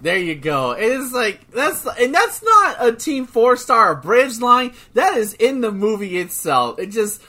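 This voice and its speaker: A man co-hosting a podcast in casual chat, excitable, swearing freely and restarting his sentences often. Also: very high-pitched, measured pace, few pauses. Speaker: podcast co-host.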